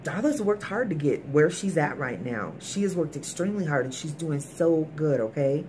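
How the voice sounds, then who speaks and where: A woman's voice: low-pitched, expressive, normal speed, darkish tone, slight background noise. A woman recapping a TV episode in a casual, emphatic way, talking straight to her viewers. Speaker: TV episode reviewer.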